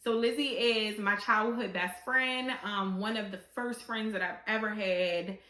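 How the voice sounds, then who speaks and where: A woman's voice: medium pitch, steady tone, measured pace, bright, forceful tone, echoey room. A woman in her thirties hosting a podcast, talking candidly and bluntly in a casual monologue with some swearing. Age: 30s. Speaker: podcast host.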